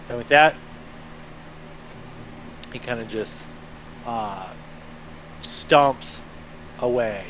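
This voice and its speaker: A man narrating a tabletop game as game master, relaxed and hesitant with many fillers, on a muffled lo-fi mic. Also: mid-range voice, drawn-out words, pauses often, a little hiss or hum.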